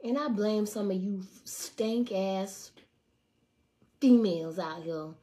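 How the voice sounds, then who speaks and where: A young woman with a mid-range, somewhat dark voice rants casually to her viewers on camera. She swears heavily and repeats lines for emphasis.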